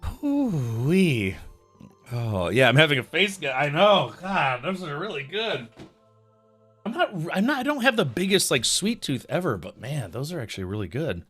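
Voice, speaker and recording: A man's voice: fairly high pitch, normal speed, slightly rough, faint music behind. A man streaming live, chatting casually with his chat while eating, laughing and murmuring with his mouth full. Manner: animated, laughing, savoring food aloud with mouth-full murmurs.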